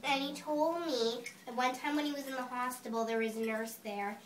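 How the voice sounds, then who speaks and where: A woman telling a halting, giggly anecdote at a memorial and often stopping herself mid-sentence. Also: on the high side, steady tone, slight background noise. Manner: halting, giggly, self-interrupting. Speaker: speaker at a memorial. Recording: roomy and distant.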